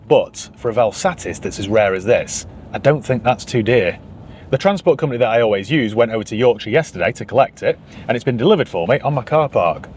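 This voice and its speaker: A man's voice: on the low side, a little hiss or hum. A man with a Northern English accent, a used car dealer hosting a casual vlog to camera with dry, sarcastic humour.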